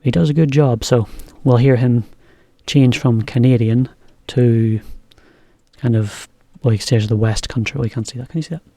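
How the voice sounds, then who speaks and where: A man teaching English in a relaxed, chatty video lesson, explaining as he goes. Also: mid-range voice, moderate pace, no room sound.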